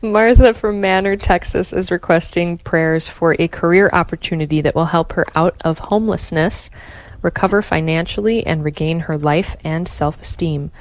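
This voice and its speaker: A woman's voice: fairly low pitch, dry recording. Woman reading prayers on radio. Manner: measured, even prayer responses and gentle reading aloud. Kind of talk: live radio prayer broadcast, rosary responses and reading listener intentions.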